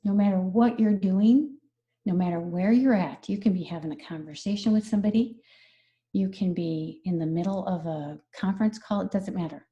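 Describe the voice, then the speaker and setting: A woman's voice: mid-range voice, normal speed, warm tone, dull audio. A woman stress management coach explaining her methods earnestly in a conversational interview, repeating key phrases.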